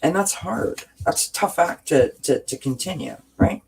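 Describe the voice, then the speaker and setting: A woman's voice: low-pitched, big pitch swings, moderate pace, gravelly, a little mellow, slight background noise. A woman hosting a casual livestream, reading viewer comments and talking through self-help ideas with frequent restarts and tag questions.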